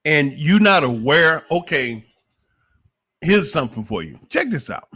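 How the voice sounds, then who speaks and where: A man's voice: a little high, very animated, unhurried, sharp tone, breathy edge. Preachy man asking rhetorical questions. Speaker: livestream commentator. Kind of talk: opinionated monologue.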